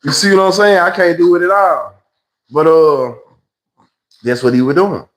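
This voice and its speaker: A man's voice: on the high side, steady tone, moderate pace, rough recording. A man with a Memphis Southern accent telling a rambling, slangy story on a livestream, acting out other people's voices. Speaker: livestream host. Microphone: phone livestream.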